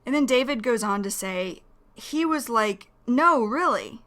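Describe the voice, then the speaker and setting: Slow, patient woman teaching English. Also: a little high, lively intonation. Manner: explains words slowly, repeating them. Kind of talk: slow, careful vocabulary lesson.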